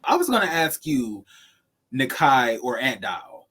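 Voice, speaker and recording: A man's voice: mid-range voice, very animated, a little slow, fairly bright tone, husky. A man co-hosting a video-call interview, sassy and teasing with shady questions. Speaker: podcast co-host.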